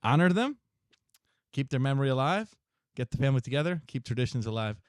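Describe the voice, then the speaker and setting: Young man, podcast co-host, fast slangy rambling, dry close sound. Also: mid-range voice, animated, no room sound. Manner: rambling, slangy, restarts often and laughs a lot. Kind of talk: casual chat.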